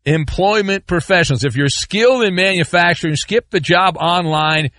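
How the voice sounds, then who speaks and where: A man's voice: high-pitched, moderate pace, no room sound. A middle-aged man hosting sports talk radio, ranting and joking with mock outrage and rambling asides. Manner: animated, rambling, sarcastic rants with mock outrage.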